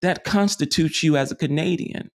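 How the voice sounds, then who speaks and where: A man's voice: on the high side, moderate pace, creaky. A man teaching metaphysics in a loose, rambling lecture, often restarting and tagging on "you see.". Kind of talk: informal spiritual lecture.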